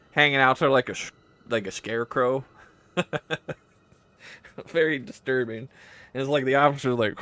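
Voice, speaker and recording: Guy running a tabletop game, slow, rambles w tons of "like", bright voice. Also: medium pitch. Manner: rambling, full of "like" and restarts; mutters to himself while searching notes. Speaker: game master. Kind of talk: casual tabletop game narration.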